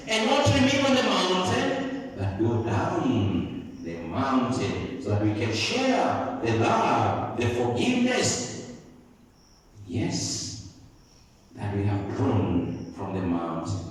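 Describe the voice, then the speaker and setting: Slow, sing-song preaching priest. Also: male voice, fairly high pitch. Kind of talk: sermon. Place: church. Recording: echoey church from far off.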